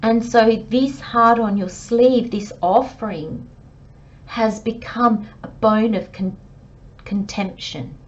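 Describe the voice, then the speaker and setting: A woman's voice: fairly high pitch, takes it slowly. Woman reading tarot cards to camera, earnest and pushy, kinda muffled lo-fi audio. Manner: earnest, emphatic, talks straight to the listener. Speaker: tarot reader.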